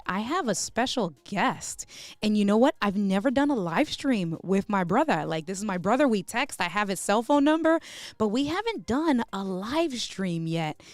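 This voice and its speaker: A woman hosts a live stream and chats with her viewers in a lively, easygoing way, calling them y'all. Her voice sits at a middle pitch for a woman. Faint music plays underneath. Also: no echo. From New York. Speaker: host. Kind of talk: casual live stream chat.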